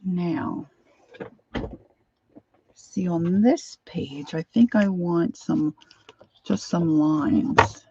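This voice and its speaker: A woman's voice: lowish voice, extremely slow, long pauses, lo-fi sound, very noisy. A woman crafting and rambling to herself as she rummages, in casual chat.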